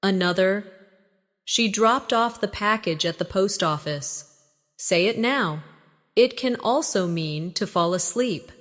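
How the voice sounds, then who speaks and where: Woman, English lesson narration, slow and deliberate, instructive, long reverb. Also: mid-range voice, a bit bright. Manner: slow, measured, instructive delivery with pauses for repetition. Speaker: English teacher. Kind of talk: scripted language lesson narration.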